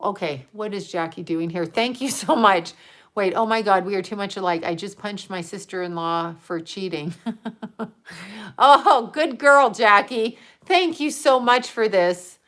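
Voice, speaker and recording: A woman's voice: mid-range voice, a little slow, a bit bright. Woman, livestream host, casual chat, rambling, laughs often.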